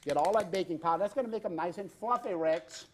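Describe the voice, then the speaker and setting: A man's voice: sits high, quick pace, slight background noise. A middle-aged man hosting a cooking show, chatting jovially with guests and crew while he demonstrates a recipe with a loose, unscripted flow. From Louisiana. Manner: loose unscripted delivery with many fillers. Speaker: TV cooking show host and chef.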